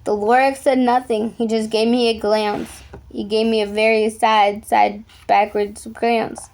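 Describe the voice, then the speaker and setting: A woman reading a rhyming picture book aloud with an even, rhythmic delivery. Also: a little high, a little slow. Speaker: storyteller.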